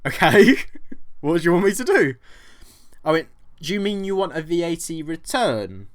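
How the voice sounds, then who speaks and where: A young British man, a vlogger, telling a story in a lively way, acting out both sides of the exchange and swearing freely. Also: a little high, moderate pace. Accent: British English. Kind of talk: storytelling vlog.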